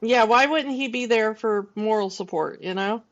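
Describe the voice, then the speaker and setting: A woman co-hosting a film podcast, talking through her thoughts in an unhurried, casual way. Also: a little high, muffled recording. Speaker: podcast co-host.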